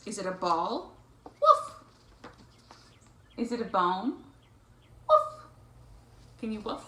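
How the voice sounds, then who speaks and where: A woman reading picture books aloud to a child, playful and animated, breaking into animal sounds. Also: medium pitch, brisk. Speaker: storytime reader. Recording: echoey room, faint noise.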